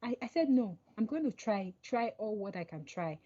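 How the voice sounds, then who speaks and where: A woman's voice: medium pitch, moderate pace, lo-fi sound, a little hiss or hum. A woman guest on a podcast call, chatting casually and acting out the lines of people in her stories. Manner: animated storytelling, acts out quoted dialogue. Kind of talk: casual interview chat.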